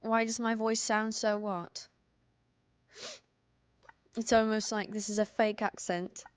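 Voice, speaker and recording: A woman's voice: mid-range voice, level tone, takes it slowly, clear, resonant tone, lightly acted. A young woman putting on a playful fake British accent, mock-indignant and theatrical. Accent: put-on British.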